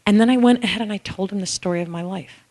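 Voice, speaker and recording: With a mid-range, slightly mellow voice, this middle-aged author and speaker talks fast as she shares personal stories with an audience. She's candid and conversational, acting out exchanges with "I'm like," and the recording has long hall reverb.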